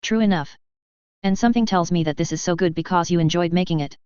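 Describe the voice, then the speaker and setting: A narrator voicing a sharp, dry-humored teenage schoolgirl, lightly teasing and matter-of-fact. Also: medium pitch, fast talker, clean tone, no room sound, highs cut off, lightly acted.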